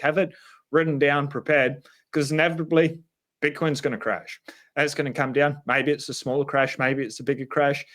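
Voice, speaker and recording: A man's voice: medium pitch, fairly bright tone. A man with an Australian accent hosting a casual podcast, blunt and emphatic, swearing freely. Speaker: podcast host.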